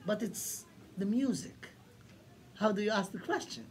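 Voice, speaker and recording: A man, a rabbi, giving an animated Torah lesson, acting out questions and quoting Hebrew. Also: high voice, unhurried, husky. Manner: animated, acts out the questioners' lines; mixes in Hebrew quotations.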